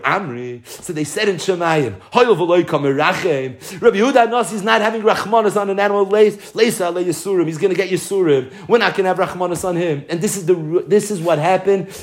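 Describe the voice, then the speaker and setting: A man giving an animated Talmud lecture, mixing Hebrew and Yiddish terms into English. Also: sits high. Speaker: Torah teacher.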